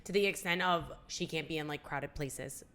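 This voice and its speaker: A woman's voice: low voice, normal speed, a bit bright. A young woman co-hosting a casual podcast chat, telling an emotional personal story and acting out the dialogue. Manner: emotional storytelling, acts out quoted dialogue, many "like"s. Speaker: podcast co-host.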